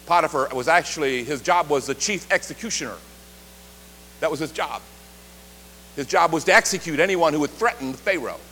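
A man preaching a sermon, leading the congregation in call-and-response and shifting between loud and quiet delivery. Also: on the high side, normal speed, pauses often. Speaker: pastor. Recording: reverberant hall, faint hum.

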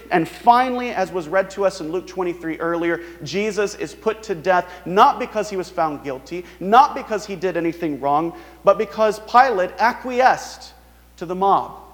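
A man preaching a sermon in an earnest, emphatic way. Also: in a large hall. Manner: earnest, emphatic preaching, voices the mockers in a higher sneering tone. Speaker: pastor.

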